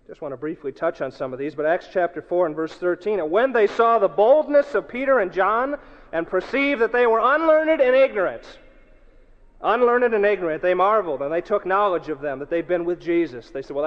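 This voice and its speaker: High lively preacher guy acting out quotes, dull echoey hall recording. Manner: animated preaching, swings from loud to hushed, acts out quotes. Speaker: pastor. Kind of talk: sermon. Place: church hall.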